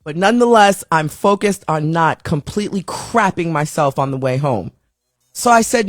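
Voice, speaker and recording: Animated woman host telling a story. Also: moderate pace, no echo, studio quality, faint music behind. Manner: animated, comic storytelling with big pitch swings. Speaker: talk show host. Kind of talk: casual storytelling monologue.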